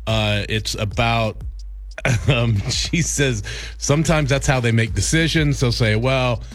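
A man's voice: medium pitch, unhurried. A man co-hosting a radio show, telling stories in casual banter with lots of ums and uhs. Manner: rambling storyteller with many fillers.

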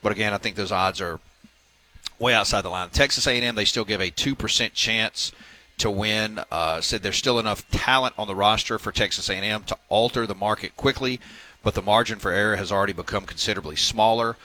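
A man's voice: fairly low pitch, brisk, pushed and bright, low-quality recording. A man hosting a sports talk radio segment, reading news items with filler words and wry asides.

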